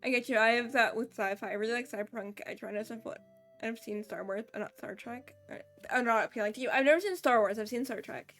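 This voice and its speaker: A woman's voice: a little high, fast, fairly bright tone, faint music behind. A woman streaming a video game, chatting casually and reading the dialogue aloud, with a sore throat. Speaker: gameplay streamer. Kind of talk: casual let's play commentary.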